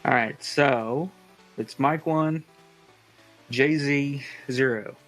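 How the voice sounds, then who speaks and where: A man hosting a casual trivia quiz, reading out the options slowly and chatting with friends. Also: medium pitch, a bit bright, soft background music, low-quality recording. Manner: reads quiz options in a slow, drawn-out way. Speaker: podcast host running a trivia quiz. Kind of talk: casual chat.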